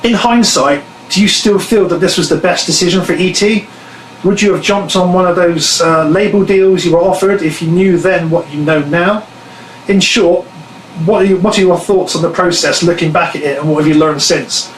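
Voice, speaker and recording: A man's voice: sits high, normal speed. A man reading out fan questions in a casual live Q&A, chatty and self-deprecating, laughing easily. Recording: echoey room, faint noise.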